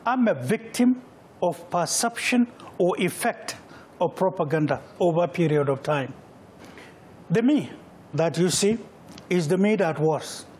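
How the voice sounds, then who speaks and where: A man's voice: sits high, lively intonation, unhurried, darkish tone, slight background noise. A middle-aged Nigerian man answering interview questions, emphatic and repeating phrases for weight. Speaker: political candidate, guest.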